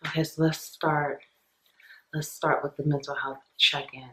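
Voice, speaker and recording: A woman hosting a tarot reading, talking softly and earnestly to her viewers, often dropping near a whisper. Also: sits low, level tone, a little slow, rough recording. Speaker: tarot reader, channel host.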